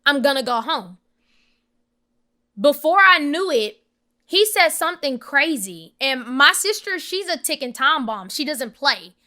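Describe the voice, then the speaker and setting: A young podcast guest tells a heartfelt story from her own life, voicing its characters with animated emphasis. Her voice is high and her pace measured.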